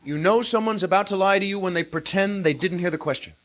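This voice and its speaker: A man in his thirties performing a live stand-up routine, with an animated, exaggerated delivery and acted-out quotes. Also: sits high, fast. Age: 30s. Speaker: stand-up comedian. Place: comedy club stage with audience. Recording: hissy early-1980s live club recording.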